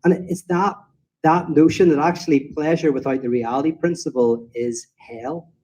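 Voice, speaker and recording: A man's voice: on the high side, moderate pace, mellow, husky, rough recording. A man answering audience questions in an informal talk, rambling and acting out quoted voices as he tells stories. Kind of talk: informal lecture Q&A.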